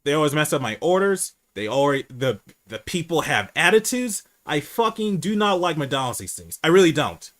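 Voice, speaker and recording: A man hosting a casual livestream chat, candid and profane, who says he speaks low and rambles with restarts. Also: very animated, normal speed, few pauses, a bit bright.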